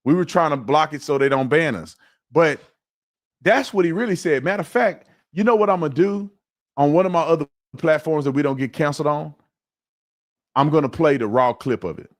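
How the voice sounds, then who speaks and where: A man's voice: on the high side, brisk. Emphatic male reaction host. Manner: emphatic, repeats words when starting a point. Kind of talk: live reaction commentary.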